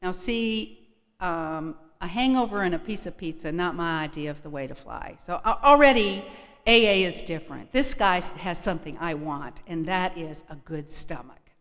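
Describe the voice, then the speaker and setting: A woman's voice: on the low side, expressive, moderate pace, a bit bright. Wry woman telling a story in a hall. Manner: wry, frank and confiding. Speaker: speaker sharing a recovery story. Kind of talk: storytelling to a live audience. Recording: echoey hall.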